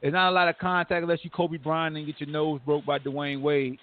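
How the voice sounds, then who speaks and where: A man with a high voice hosts a sports podcast and rants in casual slang. He pokes fun at whoever he is talking about. The sound is thin and narrow, like a phone line. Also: a little fast, slight background noise. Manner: animated, trash-talking rant with slang. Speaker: podcast host.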